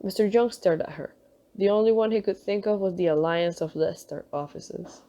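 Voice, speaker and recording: A woman reading a novel aloud in a relaxed way, with occasional self-conscious asides. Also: medium pitch, moderate pace. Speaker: reader.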